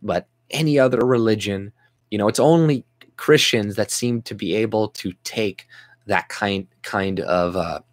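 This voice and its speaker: Young Canadian man, exasperated vlog ranter, profane, rambling, lowish voice. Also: a little slow, no room sound. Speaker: vlogger. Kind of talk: angry political rant.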